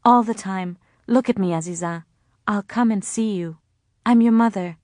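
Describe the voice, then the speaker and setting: A woman's voice: medium pitch, normal speed, a little mellow, dry recording, studio quality, natural voice. A woman reading the lines of a desperate young mother, urgent and pleading.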